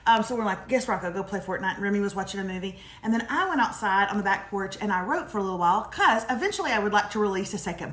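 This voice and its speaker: A woman in her forties, co-hosting a live morning show and telling stories in a chatty, animated way. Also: mid-range voice. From Texas. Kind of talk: casual live chat. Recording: echoey room.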